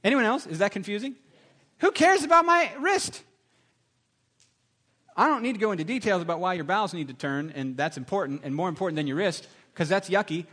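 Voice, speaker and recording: A middle-aged man preaching a sermon, telling stories with lively, animated delivery and acting out other people's voices. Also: quick pace, hardly any pauses. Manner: animated storytelling, acts out voices with big pitch jumps. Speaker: pastor.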